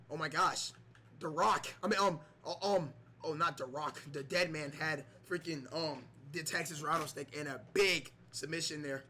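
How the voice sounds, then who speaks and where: A man giving mock wrestling play-by-play over a video game, excitable, with many fillers and shouts on big moves. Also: fairly high pitch, slightly rough. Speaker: gameplay commentator.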